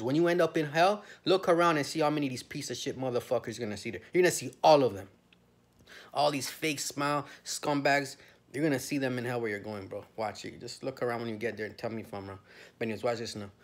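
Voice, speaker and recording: A man from Canada telling a story as a heated, profane rant full of street slang. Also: medium pitch.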